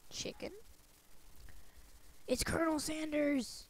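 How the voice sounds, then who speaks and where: A woman's voice: sits high, steady tone, slow, low-quality recording. A woman with a cold giving casual gameplay commentary, talking to herself with sing-song asides. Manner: chatty self-talk with sing-song asides. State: has a cold. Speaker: let's play gamer.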